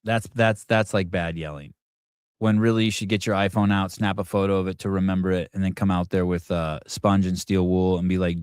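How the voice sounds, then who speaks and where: A middle-aged man with a fairly low voice hosts a casual morning talk show. He rambles and often restarts his sentences. The sound is dry and close, with no room around it. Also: flat delivery, a little fast, clean tone, no room sound. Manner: rambling, restarts often, shouts quoted yells. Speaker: podcast host.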